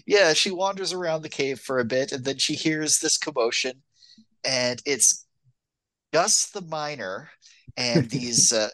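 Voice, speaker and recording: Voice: mid-range voice, a little slow, a bit bright, dry recording. A podcast co-host chatting casually about a movie, rambling with lots of "like" and "um". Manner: rambling, full of "like" and "um". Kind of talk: casual movie-review chat.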